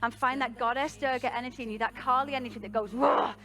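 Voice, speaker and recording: A woman's voice: on the high side, fairly even intonation, quick pace, pushed and bright. A woman with a British accent teaching a live yoga class, guiding poses and breath with rousing encouragement and a self-mocking laugh. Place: live event venue, music playing.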